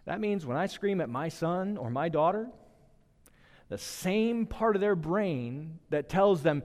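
A man in his thirties preaching a sermon, talking to the congregation like a conversation, dropping to a hush and then rising with emphasis. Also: a little high, lively intonation, unhurried. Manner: conversational preaching, shifting between hushed and emphatic. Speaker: pastor. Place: church hall. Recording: long hall reverb.

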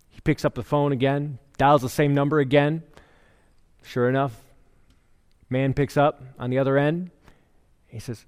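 Middle-aged male pastor, easygoing storytelling sermon, voice a touch high, long hall reverb. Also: normal speed. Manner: conversational preaching with joke storytelling.

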